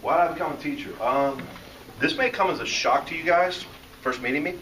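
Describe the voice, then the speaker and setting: A joking author and teacher from the American South tells stories to a live audience in an animated way. His voice runs on the high side and fairly quick. A distant mic with the audience around picks him up with a little hiss or hum.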